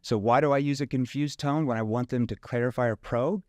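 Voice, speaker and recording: A man's voice: mid-range voice, fairly quick, a little mellow, no room sound, studio quality. A man from rural Missouri, a sales trainer talking casually in an interview and acting out questions in different tones.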